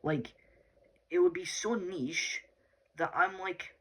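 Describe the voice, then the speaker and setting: A man's voice: sits high, fairly even intonation, takes it slowly, sharp tone. A Scottish man talking casually to his viewers in a rambling, chatty way, full of fillers. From Scotland. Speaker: YouTuber. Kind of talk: casual vlog talk.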